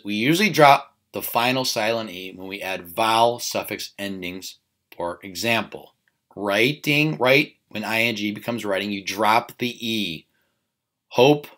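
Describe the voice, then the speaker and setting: Low-voiced man teaching a spelling lesson. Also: pushed and bright. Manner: repeats words slowly, checks in with "okay?".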